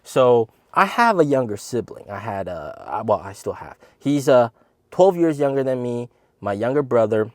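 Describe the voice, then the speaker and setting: A man in his thirties tells a funny family story straight to camera, his pitch swinging widely as he goes. He slips into high, squeaky voices to quote the people in it. The sound is close and dry. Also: normal speed, no room sound. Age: 30s. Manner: animated, acts out quotes in a high voice. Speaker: channel host.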